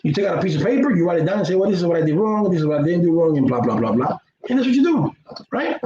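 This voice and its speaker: Rapid-fire and animated, this YouTuber's fairly high voice carries a casual monologue vlog in a roomy space. He rambles, repeats his words, and sounds earnest and preachy. The sound is dull and lo-fi with faint noise.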